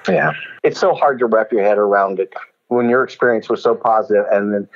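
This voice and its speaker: An older man with a lowish voice tells showbiz stories at a brisk, animated clip, laughing between lines and slipping into other people's voices. The recording sounds dull and lo-fi, as if the top end were cut off. He talks in a warm, chatty interview style. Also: gravelly. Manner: animated, laughs often, does voices in anecdotes. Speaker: guest actor. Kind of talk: storytelling interview. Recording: dull lo-fi audio.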